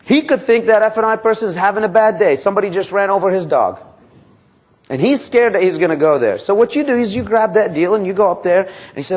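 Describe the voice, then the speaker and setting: A man leading a live sales training seminar, quizzing his audience and acting out sample calls to customers and banks. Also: quick pace. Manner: energetic, quizzes the audience with questions; acts out sample phone calls and pitches.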